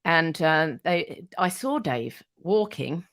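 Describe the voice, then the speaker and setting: Woman, middle-aged, radio presenter as chatty guest, animated and a bit sweary. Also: sits low, slow. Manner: animated, acts out quoted voices, swears freely. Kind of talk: casual anecdote telling.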